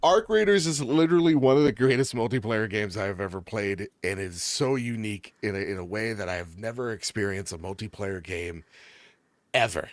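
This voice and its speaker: A man's voice: lowish voice, brisk, no room sound. A man co-hosting a gaming show in casual chat, enthusiastic and jokey, rambling as he raves about games. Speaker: gaming podcast co-host.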